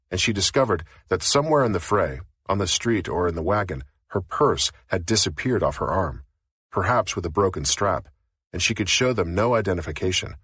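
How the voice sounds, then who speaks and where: A man narrating a novel as an audiobook in a steady, even reading. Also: deep voice, slightly rough, no room sound, clean studio sound.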